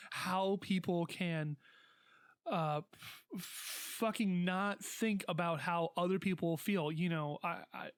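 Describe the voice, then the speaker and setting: A man's voice: high voice, slow, clean tone, dry recording, clean studio sound. A man co-hosting a podcast, chatting casually with profane words and hesitant restarts. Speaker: podcast co-host. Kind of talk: casual chat.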